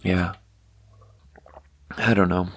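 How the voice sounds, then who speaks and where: Candid rambling man with a low voice. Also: level tone, extremely slow, slight background noise. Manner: candid, swearing, storytelling with quoted voices. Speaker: podcast host. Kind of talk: casual rambling monologue.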